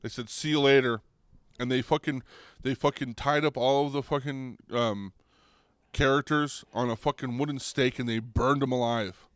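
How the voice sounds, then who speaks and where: A young man hosting a podcast, ranting comedically with lots of swearing and restarts, getting louder and higher when worked up. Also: fairly even intonation, moderate pace, no echo, studio quality. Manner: rambling, profane, restarts, goes loud and high when riled. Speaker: podcast host. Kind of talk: comedic rant.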